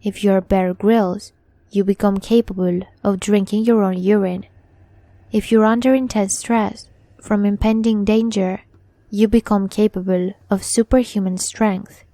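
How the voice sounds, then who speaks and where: A woman narrating a scary story in a slow, deliberate reading. Her voice is dark and mellow. The recording is dry and close, with no room sound. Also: medium pitch, steady tone, no echo. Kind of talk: scripted horror story narration.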